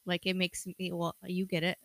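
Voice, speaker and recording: A woman's voice: fairly low pitch, completely flat delivery, normal speed, no room sound, studio quality. A woman co-hosting a podcast in casual chat, venting bluntly and swearing freely. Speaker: podcast co-host.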